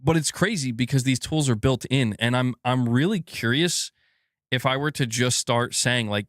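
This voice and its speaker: A man's voice: mid-range voice, normal speed, dry recording, clean studio sound. A man hosting a casual gaming news live stream, rambling and swearing as he reads viewer comments aloud.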